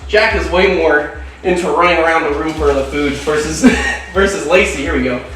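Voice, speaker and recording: A man's voice: fairly high pitch, normal speed, few pauses, fairly bright tone. A man hosting a casual animal-keeping vlog, talking enthusiastically and coaxing his reptiles along. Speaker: reptile keeper and show host. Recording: echoey room from a distance.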